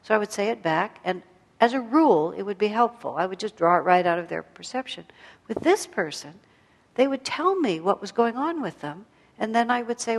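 Woman, spiritual teacher, reflective storytelling, self-deprecating, mid-pitched voice, long hall reverb. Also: lively intonation, fairly quick. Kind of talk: evening spiritual talk to a group.

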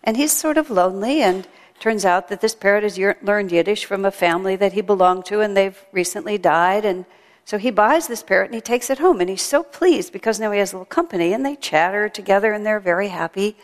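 A woman's voice: mid-range voice, a little fast. A woman giving a chatty, storytelling sermon at a temple. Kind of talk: sermon with a told joke. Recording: long hall reverb.

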